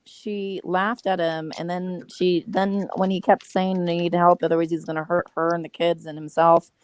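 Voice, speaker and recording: A woman's voice: lowish voice, little pitch movement, normal speed, no room sound. A woman on a panel, talking in a rambling, casual way. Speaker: panel guest.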